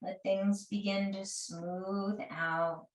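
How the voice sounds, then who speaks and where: A yoga teacher guides a restorative class slowly, her gentle, soothing cues floating over unhurried breath counts. Her mid-range voice stays level in tone and sits far back from the mic, with the room lending a roomy echo.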